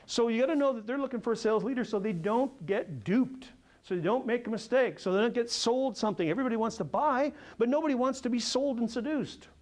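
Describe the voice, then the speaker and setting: A man's voice: very high voice, fast talker. A man teaching a sales seminar, telling stories with energy and putting questions to the audience. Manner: energetic, animated storyteller who quizzes the audience. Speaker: sales coach. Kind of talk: seminar talk to a live audience.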